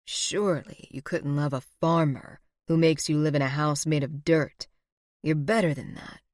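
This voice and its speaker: A woman voicing a manipulative, smooth-talking villainous man in low, soft, menacing tones. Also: fairly even intonation, moderate pace, no room sound, studio quality, lightly acted. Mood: coaxing.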